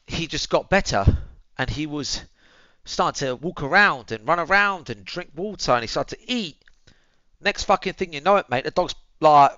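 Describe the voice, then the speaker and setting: A man's voice: a little high, a bit bright, no echo. Young man, laid-back swearing storyteller, dry close sound, slightly muffled. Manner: swears freely, addresses viewers as boys and bro; tends his dog while talking, drops to mutters. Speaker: streamer. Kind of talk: casual storytelling.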